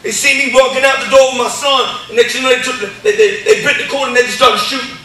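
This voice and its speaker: A man giving an impassioned church testimony, stammering through repeated words and building up to shouts. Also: extremely high pitch, steady tone, fast, very echoey, far from the mic, poor audio. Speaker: testimony speaker. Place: church hall.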